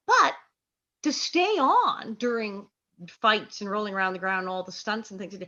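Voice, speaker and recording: A middle-aged American woman, an actress and comedian, telling lively anecdotes in an interview and acting out quoted voices. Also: medium pitch, normal speed, highs cut off. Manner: lively storyteller, quotes herself in acted voices, laughs often.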